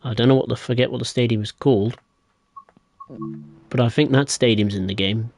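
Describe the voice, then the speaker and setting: A man's voice: medium pitch, brisk, a little mellow, soft background music. A young man live-streaming a train game, chatting casually and answering viewers in a rambling way. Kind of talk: live gameplay commentary.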